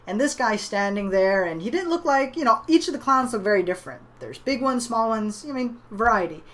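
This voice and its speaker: With a slightly high, lively voice, this woman speaks fairly quickly as she shares a motivational story. She's an online business trainer whose conversational delivery leans heavily on "you know" and "right?"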